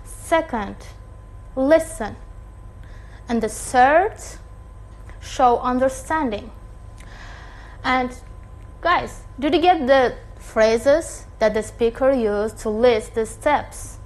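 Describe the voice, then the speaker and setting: Female English teacher, high and unhurried, online class delivery. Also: poor audio. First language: Turkish. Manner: slow, deliberate teacher talk with frequent checks. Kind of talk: online lesson.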